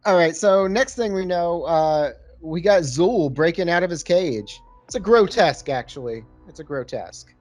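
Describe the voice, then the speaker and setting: A man's voice: a little high, animated, normal speed, hardly any pauses, a little mellow, soft background music. A man co-hosting a podcast, chatting casually about a movie over beer and laughing at his own jokes. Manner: jokey, laughs at own lines. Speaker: podcast co-host.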